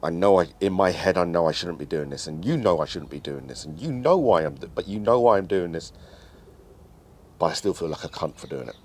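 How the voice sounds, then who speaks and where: A man talking bluntly in casual chat, swearing freely and getting animated. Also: sits low, brisk.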